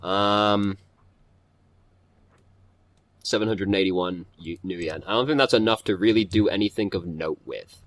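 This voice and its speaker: A man's voice: low voice, unhurried, pauses often, dry recording. A man hosting a let's play, chatting casually, swearing, and reading game text aloud while stumbling over some words.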